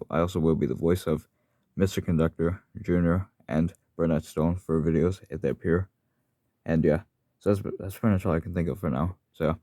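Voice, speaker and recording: A man's voice: low-pitched, dark tone, no room sound, clean studio sound. A man talking casually on his channel about the characters he voices, rambling and often correcting himself. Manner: rambling, self-correcting, apologetic. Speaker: fan voice actor for his channel. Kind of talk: casual vlog monologue.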